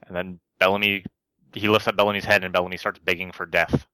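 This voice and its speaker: A man co-hosting a casual chat, throwing in quick dry quips. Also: deep voice, level tone, sharp tone, clear, resonant tone, dry recording. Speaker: podcast co-host.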